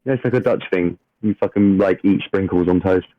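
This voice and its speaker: A man reading a fantasy game recap aloud and joking casually between readings. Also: deep voice. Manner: jokey, swears casually, reads narration slowly. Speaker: player reading the session recap. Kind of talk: casual chat and read-aloud fantasy narration. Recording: dull lo-fi dry sound.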